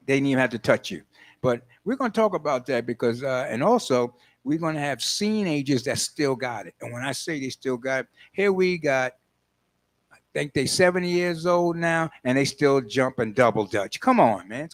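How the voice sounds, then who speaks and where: Animated older man hosting a call-in show. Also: fairly high pitch. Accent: New York. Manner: animated, playful storytelling with laughs and mock quotes. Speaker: host. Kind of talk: casual radio-style monologue.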